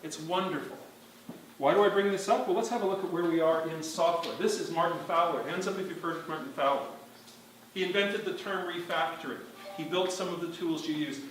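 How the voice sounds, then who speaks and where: A man's voice: a little high, fairly quick, fairly bright tone, slight background noise. A man giving a live conference talk to an audience, emphatic and wry, often quizzing the room. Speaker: conference speaker. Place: large hall with audience. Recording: very echoey hall, distant mic.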